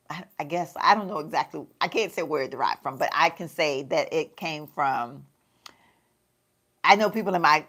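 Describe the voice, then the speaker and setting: Southern woman vlogger, slightly low voice, easygoing chat while doing makeup. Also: fairly bright tone. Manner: chatty, folksy, laughs often, calls viewers y'all. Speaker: lifestyle vlogger.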